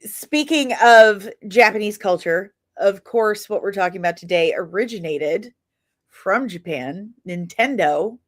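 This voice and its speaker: Woman, middle-aged, podcast co-host, animated, laughing, casual chat. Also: medium pitch, a little slow. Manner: animated storyteller, laughs often.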